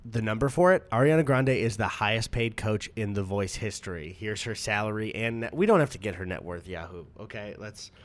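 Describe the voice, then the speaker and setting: A man's voice: on the low side, brisk, few pauses. A man co-hosting a podcast in casual chat. He laughs often and reads search results aloud while muttering to himself. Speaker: podcast co-host.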